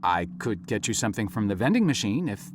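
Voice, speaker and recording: A man's voice: lowish voice, big pitch swings, brisk. An actor voicing a mild-mannered male worker in a video game who speaks hesitantly and trails off. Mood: meek. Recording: game audio with background noise.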